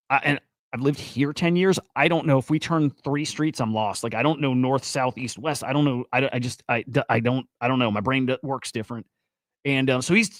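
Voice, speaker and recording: A man hosting a livestream tells a long story in a loose, rambling way, swearing freely and getting animated. His voice sits at an ordinary middle pitch. The sound is dry and close, with no room around it. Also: no echo. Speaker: host.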